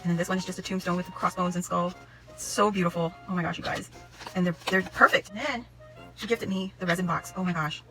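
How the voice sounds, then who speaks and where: A woman chatting to camera as she unboxes a gift, gushing and excitable, often exclaiming in delight. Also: lowish voice, fast, music in the background, poor audio. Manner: gushing, excitable, repeats "oh my gosh". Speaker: craft vlogger opening a gift package. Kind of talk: casual unboxing chat to camera.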